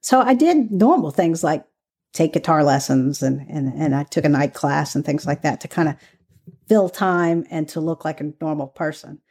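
A woman's voice: low-pitched, animated, moderate pace, a little mellow, husky. Chatty woman from the American South. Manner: candid, chatty, laughs easily. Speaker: former undercover FBI agent. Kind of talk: conversational interview storytelling.

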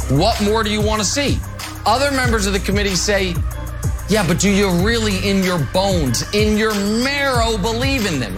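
A man hosting a studio sports debate show, arguing emphatically with theatrical indignation. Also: high-pitched. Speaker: sports talk show host.

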